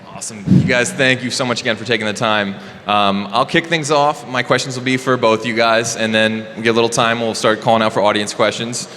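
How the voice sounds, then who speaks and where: A man's voice: mid-range voice, steady tone, fairly quick, few pauses, bright, forceful tone. A man moderating a convention panel, upbeat and enthusiastic as he asks questions. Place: large convention hall. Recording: echoey hall with faint background noise.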